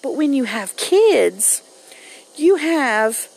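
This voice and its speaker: A woman's voice: high voice, big pitch swings, very slow, gravelly, darkish tone, rough recording. A young mother telling a story in a blunt, profane, casual way. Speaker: mom vlogger. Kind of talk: casual monologue to camera.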